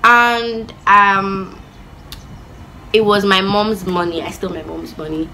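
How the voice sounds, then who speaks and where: A woman telling a childhood story in a chatty, animated vlog style with lots of asides. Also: mid-range voice, takes it slowly, slight background noise, rough recording. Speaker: vlogger.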